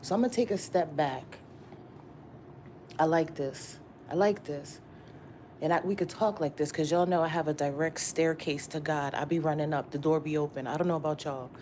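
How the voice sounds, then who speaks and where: Her voice is low and mellow, moving at a normal speed over slight background noise. This tarot reader's casual morning pep talk to viewers is slangy and profane. She drives points home by repeating them and frequently asks "you get what I'm saying?"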